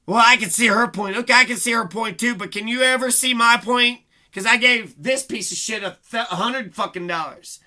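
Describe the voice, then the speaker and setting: A man's voice: very high voice, moderate pace, few pauses, sharp tone. A man delivering a rambling, profane, aggrieved monologue as a vlogger. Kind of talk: casual ranting monologue.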